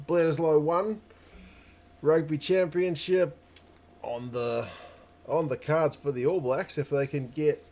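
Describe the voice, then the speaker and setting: A man's voice: on the high side, darkish tone. A young man hosting a casual livestream, chatty and upbeat as he greets viewers by name. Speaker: livestream host.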